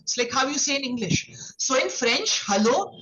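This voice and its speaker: A woman with a high voice leads an online lesson, explaining patiently and checking in with "okay?" after almost every phrase. Her voice arrives through dull, lo-fi call audio. She calls on students one by one. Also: lively intonation, moderate pace, noisy background. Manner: explains patiently, with many "okay"s and tag questions. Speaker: French teacher. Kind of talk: online classroom instruction.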